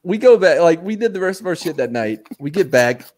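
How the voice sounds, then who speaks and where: A man and former soldier telling a story in casual live-show chat, animated and laughing often. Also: fairly high pitch, brisk.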